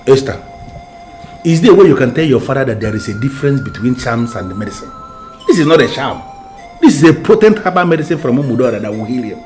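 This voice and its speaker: An actor with a Nigerian accent playing a younger brother who speaks in an insistent, pleading way, with music under the film soundtrack. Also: male voice, mid-range voice, sing-song, quick pace, a little mellow, lightly acted.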